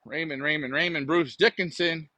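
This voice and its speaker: Joking, high-voiced pigeon fancier. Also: male voice, steady tone, moderate pace, pushed and bright. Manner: joking, rambling, talks to viewers. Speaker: pigeon racing show host. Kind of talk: casual live-stream chat. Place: backyard pigeon loft, outdoors at night.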